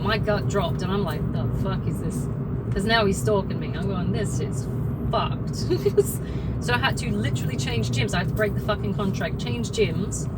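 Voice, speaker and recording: A young woman hosting a podcast, talking bluntly and swearing freely while she drives, with laughs between her points. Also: on the high side. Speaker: podcast host. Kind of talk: casual monologue while driving. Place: in a car. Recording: loud car road noise. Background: car road noise.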